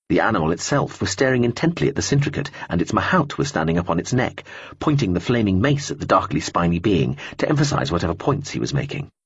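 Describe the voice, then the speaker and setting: Husky, lively male audiobook narrator. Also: low-pitched, no echo, muffled recording. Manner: expressive storytelling. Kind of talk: scripted narration.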